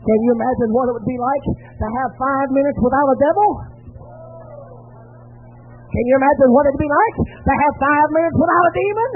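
Fervent high-voiced preacher, tinny. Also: male voice. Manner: fervent, storytelling, exclaiming hallelujahs. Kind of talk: sermon. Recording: tinny lo-fi line with faint music.

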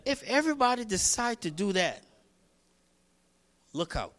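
A man preaching a sermon, reading scripture and repeating lines as he builds toward shouting. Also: high voice, sing-song, a little slow. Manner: reads scripture aloud, talks to congregation by name. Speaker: pastor.

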